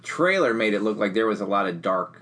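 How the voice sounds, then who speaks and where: A man's voice: lowish voice, sing-song, a little fast, a bit bright. A man co-hosting a podcast, chatting in an easygoing, rambling way with wry humor. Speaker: podcast co-host. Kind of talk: casual chat.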